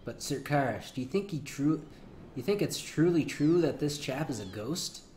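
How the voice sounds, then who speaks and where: A man's voice: fairly high pitch, lively intonation, moderate pace, darkish tone, slight background noise, close to an everyday voice. A man voicing a bumbling male henchman soldier who speaks in a fussy, overly polite way.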